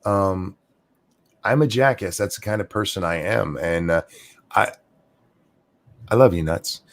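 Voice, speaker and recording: Tipsy male stream host, crude and rambling; deep, gravelly, very animated delivery. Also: unhurried. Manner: crude, rambling, teasing, drinking while talking. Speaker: show host. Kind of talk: casual late-night stream chat.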